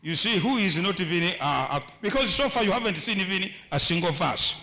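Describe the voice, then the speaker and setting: A man's voice: sits high, expressive, a little fast, pushed and bright. A man preaching a humorous sermon on marriage in a church, with a Ugandan English accent, often repeating and stumbling over words.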